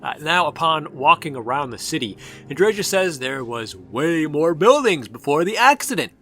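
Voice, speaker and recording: A man's voice: on the high side, big pitch swings, moderate pace, a bit bright. A man narrating a sarcastic game review, ranting and exasperated. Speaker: gaming video reviewer.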